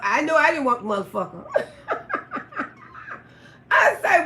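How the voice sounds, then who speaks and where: A woman casually telling a story on a livestream, cursing freely, laughing often and bursting out loudly. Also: sits high, big pitch swings, slow, pauses often. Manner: profane, laughs often, loud outbursts. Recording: roomy echo.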